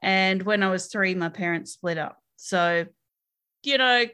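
A woman's voice: medium pitch, a little slow, pushed and bright, smooth. Aussie woman guest on a podcast, chatty and frank, laughs a bit as she talks. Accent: Australian. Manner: frank and upbeat, with small laughs. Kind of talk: casual interview answers.

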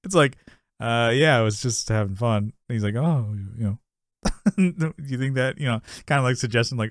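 Male podcast co-host, chatty and rambling, quick to laugh, mid-pitched, dry studio sound. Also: dry recording. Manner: rambling, laughs often, acts out quotes. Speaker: podcast co-host recapping a sitcom episode. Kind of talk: casual chat.

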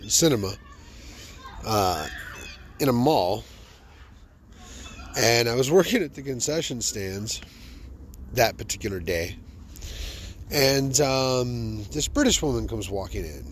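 A man hosting a podcast, telling funny personal stories in an animated, joking, self-amused way. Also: mid-range voice, measured pace, pauses often, a little hiss or hum. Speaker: podcast host. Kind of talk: comic personal storytelling.

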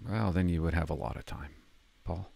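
A man's voice: sits low, brisk, vocal fry, a little mellow, dry recording. An older retired man rambling casually to his camera, stumbling over words and swearing now and then. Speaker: retired vlogger playing hotline calls.

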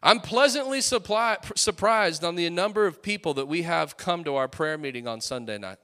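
A man in his late twenties preaching a sermon with fiery, rising peaks and quieter storytelling asides. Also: a little high, moderate pace, smooth. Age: late 20s.

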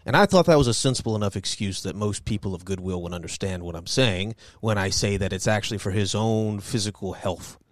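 A man's voice: lowish voice, fairly quick, hardly any pauses, no room sound, studio quality. A man co-hosting a casual sports podcast, talking loosely with restarts and casual swearing. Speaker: podcast co-host.

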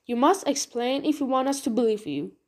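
A woman voicing a male village landlord, measured and reasoning. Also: high-pitched, lively intonation, darkish tone. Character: steady male village landlord, calm mediator.

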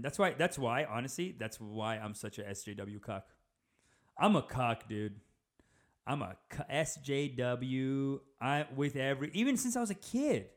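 Rambling animated young man. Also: mid-range voice. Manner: rambling, animated, says dude a lot. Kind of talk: casual comedic monologue.

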